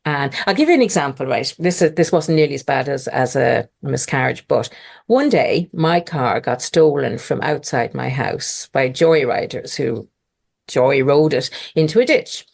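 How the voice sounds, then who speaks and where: A middle-aged woman, a podcast guest telling a personal story in a lively conversational way. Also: very deep voice, moderate pace, gravelly, husky. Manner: animated, mimics others' voices in quotes.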